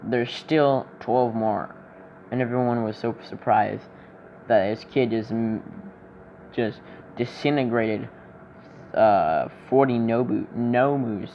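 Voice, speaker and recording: Rambling man with a gravelly voice. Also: mid-range voice, slight background noise. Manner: rambling, halting, searches for words. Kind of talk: casual retelling of a fan story. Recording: dull lo-fi recording.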